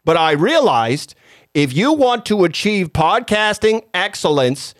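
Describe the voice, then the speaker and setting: A man puts on a pompous Kennedy-style voice with a Massachusetts accent, slow and grand in its phrasing. The voice sits fairly high, and the sound is dry and close. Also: sing-song, no echo. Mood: grandiose.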